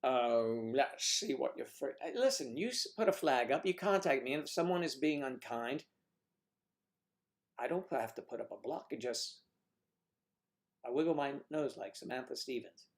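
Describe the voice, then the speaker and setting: A man's voice: medium pitch, lively intonation, moderate pace. A man hosting a casual livestream, chatting and joking while answering viewer comments. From northern United States. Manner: chatty, jokey, reads viewer comments aloud. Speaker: livestream host.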